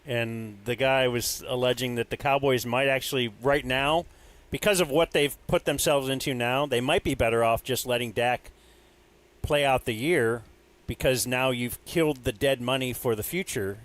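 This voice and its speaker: A man on a sports podcast, talking casually with his co-host. He lays out his thoughts in a relaxed, conversational way. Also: medium pitch, normal speed.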